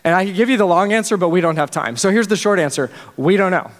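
A man's voice: high-pitched, animated, fast talker. A male pastor preaching a sermon in an earnest, conversational way, often restarting his sentences. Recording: long reverb of a large hall.

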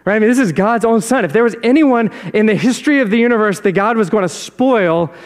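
A man with a high, light voice preaches to his church in a loose, conversational way, tossing out rhetorical questions to the room. His words ring out with a long reverb trailing behind them. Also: fast. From South Jersey. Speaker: pastor. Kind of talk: sermon. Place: church sanctuary.

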